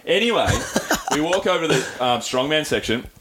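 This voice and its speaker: A man's voice: on the high side, expressive, a crowd in the background, rough recording. A man hosting a podcast, rattling off anecdotes and acting out the voices of people in them. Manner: rapid-fire anecdotes, acts out quoted voices. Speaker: podcast host. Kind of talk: casual podcast chat.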